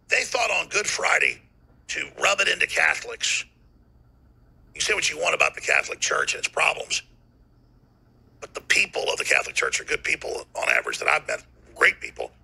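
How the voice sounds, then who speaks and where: A raspy, heavily gravelly man rants on his talk radio show, his voice tense and forceful. He swings wildly between low growls and high bursts, often breaking into shouts. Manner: fiery, ranting, bursts of shouting. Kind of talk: heated talk radio monologue.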